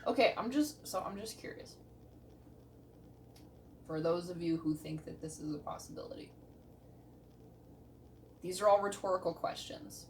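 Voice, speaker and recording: A woman's voice: on the low side, moderate pace, long pauses. Sarcastic swearing woman paramedic. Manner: blunt, sarcastic, swears a lot. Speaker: paramedic reacting to a TV show. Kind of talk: casual reaction commentary. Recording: distant mic with faint noise.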